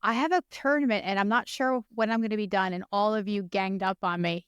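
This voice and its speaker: A woman's voice: medium pitch, fairly even intonation, fairly quick, few pauses, a bit bright, clear, resonant tone, no room sound, studio quality. A middle-aged woman hosting a podcast, asking guiding questions in a casual chat. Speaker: podcast host.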